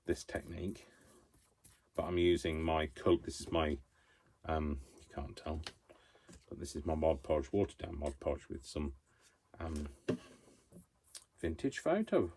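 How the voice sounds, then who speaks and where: Low-voiced man, self-deprecating craft vlogger, chatty and rambling, paper crinkling faintly behind. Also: a little mellow, a little hiss or hum. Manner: rambling, self-mocking, talks to himself while working. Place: craft room at home.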